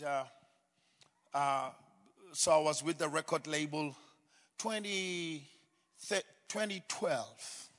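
High, bright-voiced man testifying in a church. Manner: dramatic storyteller, swinging from quiet asides to shouted peaks. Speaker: guest speaker giving a testimony. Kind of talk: preaching testimony. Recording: long hall reverb.

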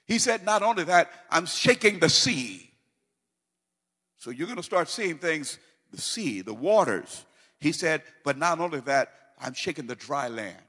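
A man preaching a sermon, moving from calm teaching to loud, fervent declarations full of repetition. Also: fairly high pitch, a little slow, in a large hall.

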